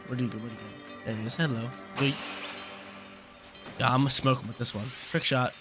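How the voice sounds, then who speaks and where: A man's voice: medium pitch, fairly even intonation, brisk, long pauses. Chill young guy talking over his game, slangy, keeps repeating stuff, bit of music behind. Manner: laid-back, slangy, repeats phrases. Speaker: gaming channel host. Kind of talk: casual gameplay commentary.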